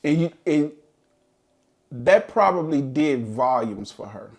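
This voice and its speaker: A middle-aged man with a gravelly, creaky edge to his voice tells a story in a casual podcast chat. His pitch sits in the middle, and he speaks earnestly and thoughtfully, looking back on his past. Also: animated, slow pace. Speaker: podcast co-host.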